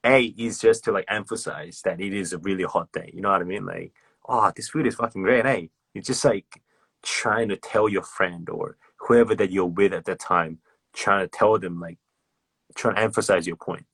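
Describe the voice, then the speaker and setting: Man, very low voice, husky, casual sweary livestream chat. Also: steady tone, normal speed, fairly bright tone, no room sound. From Australia. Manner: loose, sweary, acts out slang examples. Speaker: livestream host.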